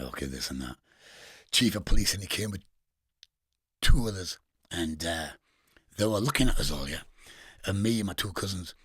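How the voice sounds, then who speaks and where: Casting: husky, low-voiced Geordie man, middle-aged, crude street storyteller, dry close sound. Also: fairly bright tone, no room sound. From England. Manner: swearing, laughing storyteller with street slang. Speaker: guest. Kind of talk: casual storytelling interview.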